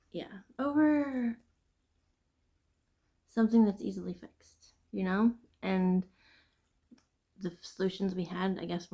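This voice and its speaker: A woman hosting a casual knitting vlog, chatting and venting in an animated, chatty way. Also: mid-range voice. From Midwest United States. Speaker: knitting podcast host. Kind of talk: casual chat.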